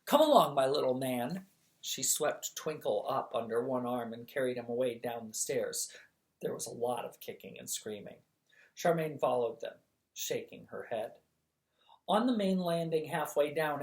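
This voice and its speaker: Bedtime storyteller reading a novel aloud, measured, expressive. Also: mid-range voice.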